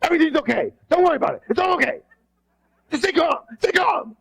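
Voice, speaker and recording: A man voicing an overexcited man who frantically insists everything is fine, in a shrill, high voice. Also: lively intonation, fast talker, creaky, a bit bright, heavily acted. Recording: dull lo-fi recording.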